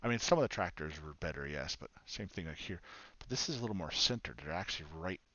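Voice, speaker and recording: A man's voice: low-pitched, lively intonation, quick pace, bright, forceful tone. A man chatting casually and rambling as he streams a farming game, laughing often. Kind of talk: casual live-stream commentary. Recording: dull lo-fi stream mic with faint noise.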